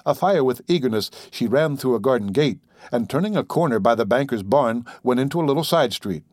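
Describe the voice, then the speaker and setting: A man narrating a classic literary story in a measured, expressive reading. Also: mid-range voice, no room sound, studio quality. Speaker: audiobook narrator.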